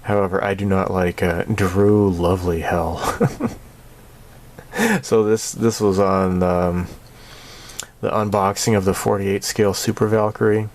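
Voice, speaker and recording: A man's voice: sits low, flat delivery, unhurried, darkish tone. A man hosting a casual channel update, rambling and sarcastic and laughing often between his remarks. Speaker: channel host.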